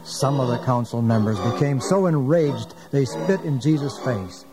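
A man's voice: medium pitch, expressive, moderate pace. Solemn male narrator over music. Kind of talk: scripted storytelling narration.

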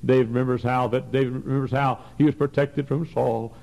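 Gravelly fervent preacher man in his forties. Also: little pitch movement, normal speed, low-quality recording. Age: 40s. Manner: fervent, swinging from soft to loud high bursts. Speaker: pastor. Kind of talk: sermon. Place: church sanctuary.

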